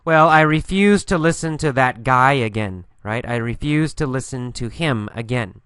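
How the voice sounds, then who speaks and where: A man teaching an English listening lesson, slowly and patiently asking questions and answering them himself, repeating the key phrases. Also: mid-range voice, animated, a bit bright, clear, resonant tone, no echo.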